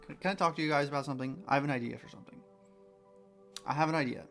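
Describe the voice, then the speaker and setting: A man chatting casually to his viewers on a livestream as a game developer, rambling excitedly and restarting his sentences often. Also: fairly high pitch, rapid-fire, creaky, faint music behind.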